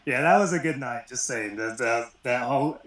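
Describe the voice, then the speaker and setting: A man's voice: medium pitch, normal speed, crowd noise. A man and former pro wrestler telling backstage anecdotes in a shoot interview, acting out quotes and laughing often.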